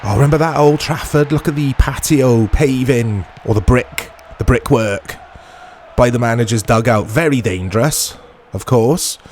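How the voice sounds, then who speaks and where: A man hosting a gaming channel, chatting and joking through a let's play, laughing often and bursting into excited play-by-play. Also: medium pitch, normal speed, a little hiss or hum.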